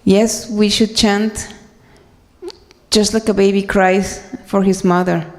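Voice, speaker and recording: A woman giving an earnest, halting personal talk to a congregation, with many fillers and restarts. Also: mid-range voice, level tone, darkish tone, big-room sound. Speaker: speaker sharing at a devotional gathering.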